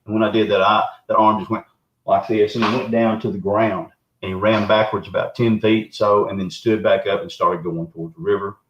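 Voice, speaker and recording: Deep-voiced Southern man telling a folksy story. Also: brisk, noisy background. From Arkansas, US. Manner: folksy, rambling, animated retelling. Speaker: guest, Bigfoot researcher. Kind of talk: casual storytelling. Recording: roomy, dull lo-fi remote audio.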